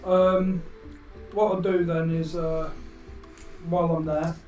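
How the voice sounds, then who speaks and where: A hesitant player in a tabletop game, a man with a somewhat high voice who keeps stopping to think. He sits back from the mic in an echoey room. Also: level tone, takes it slowly, darkish tone, distant mic, soft background music. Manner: hesitant, many ums. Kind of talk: tabletop role-play.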